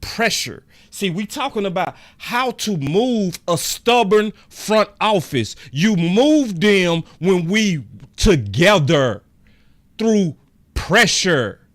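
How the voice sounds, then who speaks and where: A man's voice: high voice, very animated, slow, fairly bright tone. A man ranting heatedly as a sports commentator, repeating himself for emphasis in a fan vlog. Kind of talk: fan rant about a football game.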